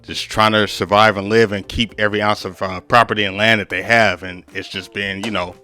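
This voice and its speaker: A man's voice: on the low side, level tone, brisk, bright, forceful tone, soft background music. A man co-hosting a casual reaction chat, laid-back and agreeable, with lots of fillers. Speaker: reaction co-host.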